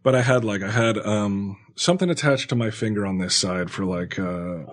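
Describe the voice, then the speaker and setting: A man's voice: fairly low pitch, moderate pace. Rambling, laid-back man telling a story. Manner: rambling storytelling, many filler likes, swears freely. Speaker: podcast host telling a story. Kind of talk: casual chat.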